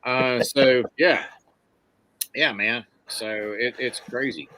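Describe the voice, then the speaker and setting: A man from Mississippi with a Southern accent, hosting a podcast in casual, folksy, excitable chat. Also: medium pitch, slow. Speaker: podcast host.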